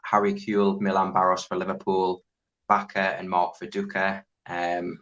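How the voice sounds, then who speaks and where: A very deep, monotone man going steadily through the numbers as a podcast's stats co-host, pausing often. His audio sounds muffled and lo-fi. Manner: methodical, steady, lots of ums. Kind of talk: reading out statistics on a podcast. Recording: dull lo-fi audio.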